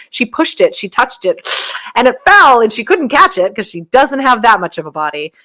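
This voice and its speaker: A woman hosting a podcast, talking casually through her stories with frequent laughs and rambling asides, her voice jumping higher whenever she quotes someone. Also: a bit bright. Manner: jumps up in pitch when quoting others. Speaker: podcast host. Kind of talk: casual spiritual monologue.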